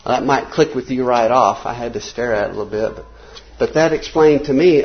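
An older man, teaching a casual Bible class in a small church classroom, folksy and conversational, reading quotes slowly. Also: mid-range voice, lively intonation, lo-fi sound.

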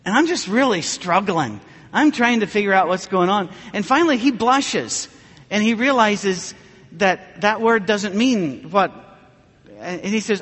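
A man's voice: sits high, animated, unhurried, a bit bright, slightly rough, long reverb tail. A man preaching a humorous sermon, telling stories in a dry way and acting out the people in them. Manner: dry storytelling with mock dialogue.

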